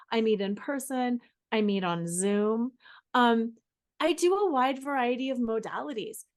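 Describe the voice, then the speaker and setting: A woman author and coach speaking enthusiastically as a guest, describing her sessions. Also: a little high. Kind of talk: casual interview answers.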